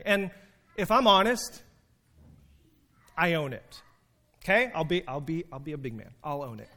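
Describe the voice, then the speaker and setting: A man preaching a sermon in a fairly high voice. He tells stories with humor, shifting between slow emphatic phrases and quick asides. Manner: animated storytelling with humor and emphatic pauses. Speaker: preacher and teacher.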